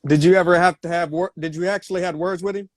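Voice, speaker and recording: A man's voice: sits high, fairly even intonation, fast talker, dry recording. A man hosting a casual interview who mostly gives short, upbeat reactions. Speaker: interview host.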